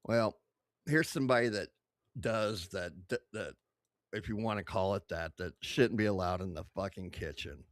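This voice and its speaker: A man's voice: sits low, moderate pace, no echo, clean studio sound. A man casually reacting to online clips, crude, profane and blunt. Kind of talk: casual reaction stream commentary.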